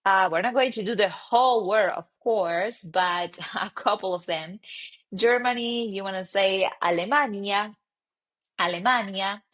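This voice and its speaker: A Spanish teacher from Argentina, a woman with an Argentine Spanish accent, giving an online lesson and repeating words slowly and clearly for learners. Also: medium pitch, a bit bright.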